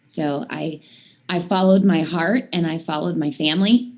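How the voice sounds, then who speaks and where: A woman's voice: deep voice, steady tone, moderate pace. A woman in her thirties, a singer guesting on a talk show, telling long stories in casual chat with lots of "I mean" and "like". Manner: rambling storyteller, many "I mean" and "like" fillers.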